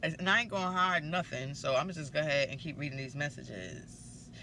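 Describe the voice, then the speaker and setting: A bold woman with a bright, forceful voice trades insults as she reads out her own text messages. She is emphatic and boastful, and a faint rumble sits behind her. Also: brisk. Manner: brash, profane and boastful; emphatic and confrontational. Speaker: vlogger. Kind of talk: storytime vlog reading out text messages.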